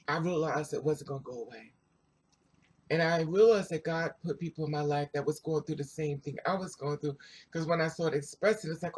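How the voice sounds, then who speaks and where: A vlogger telling a personal story to viewers in a chatty, animated way, full of asides. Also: medium pitch, husky. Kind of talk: casual storytelling to camera.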